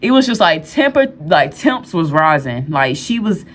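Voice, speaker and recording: Woman doing a storytime vlog, kinda low voice, rambly and real, lots of um and like. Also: big pitch swings, normal speed. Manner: candid, rambling, with restarts and fillers. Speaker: storyteller vlogger.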